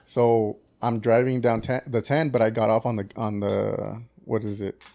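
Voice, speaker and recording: A man's voice: on the low side, moderate pace, gravelly. A man swearing through a story, Texan. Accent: El Paso Texan English. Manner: animated, swears constantly, acts out quotes. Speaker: podcast co-host. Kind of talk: casual storytelling chat.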